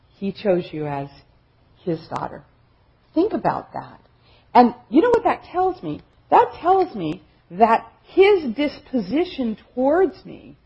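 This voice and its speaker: A woman's voice: mid-range voice, dark tone, breathy edge. A woman giving an earnest, emphatic teaching talk at a conference, repeating phrases for effect. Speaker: conference speaker. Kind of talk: sermon-style teaching talk. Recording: dull, lo-fi recording.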